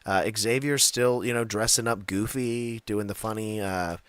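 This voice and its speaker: Low-pitched guy rambling about wrestling, lots of uhs, dry close mic. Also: measured pace, a bit bright, clean tone, no echo. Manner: rambling, laughs often, many fillers. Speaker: podcast co-host. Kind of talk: casual wrestling chat.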